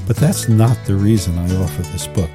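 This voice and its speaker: An older man hosting a podcast on holistic education, speaking in a thoughtful, measured way with slight hesitations and telling stories. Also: low voice, music in the background. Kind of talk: reflective podcast conversation and storytelling.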